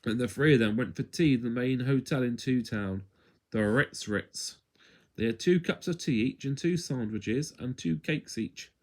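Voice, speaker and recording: A man reading a children's story aloud at home in an expressive, playful way. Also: medium pitch, moderate pace.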